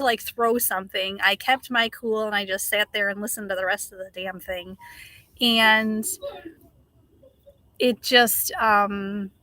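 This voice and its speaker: Middle-aged woman, live streamer, heated unhurried rant, bright tone, dry close sound. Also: a little high, no echo. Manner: passionate, ranting, swears, greets chat viewers. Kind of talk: casual livestream chat.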